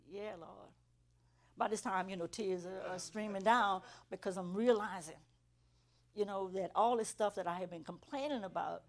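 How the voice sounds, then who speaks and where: Middle-aged woman preaching a personal testimony, earnest storyteller who swells to emphatic highs. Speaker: church teacher giving testimony to students. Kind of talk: testimony sermon.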